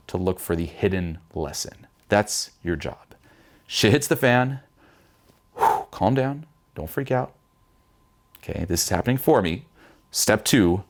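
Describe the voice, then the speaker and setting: Young guy w a super deep voice talking self-help straight to camera, swears a lot. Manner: blunt and profane, mimics panicked voices in a higher pitch. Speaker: vlogger giving life advice.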